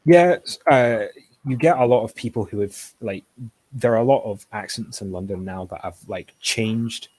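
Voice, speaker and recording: A man with a slightly low, husky voice, chatting on an online panel. He talks haltingly, with frequent false starts and fillers. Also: darkish tone. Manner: hesitant, many restarts. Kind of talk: casual panel chat.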